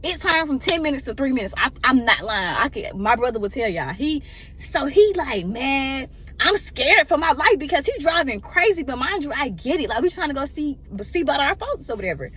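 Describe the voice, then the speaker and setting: A woman's voice: sits high, big pitch swings, a little fast, a bit bright. A woman emotionally telling a personal story in a casual, rambling way and often addressing her listeners directly.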